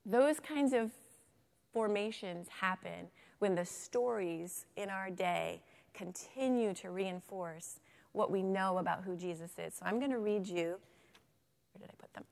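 A kindergarten teacher speaking at a faith talk into a microphone. She is lively and asks the audience to answer her. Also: medium pitch, a little slow, creaky. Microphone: handheld microphone. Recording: long reverb of a hall.

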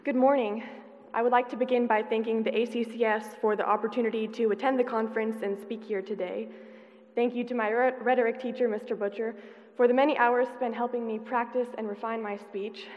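Student speaker, teenage woman, earnest and careful, fairly high voice, long hall reverb. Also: little pitch movement, fairly quick. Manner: earnest, carefully paced delivery. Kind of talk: prepared conference speech. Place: conference hall. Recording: dull, reverberant hall sound.

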